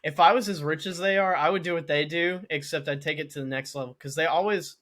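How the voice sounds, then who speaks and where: A young man with a fairly high, bright voice co-hosts a loose comedy chat. He riffs on absurd ideas and laughs often. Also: steady tone, fast. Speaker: podcast co-host.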